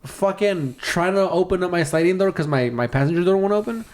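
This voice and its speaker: A young man with a fairly high voice co-hosts a casual podcast. He tells a story in an animated way, swears freely and jumps in and out of the voices of the people in it. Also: a little fast. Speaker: podcast co-host.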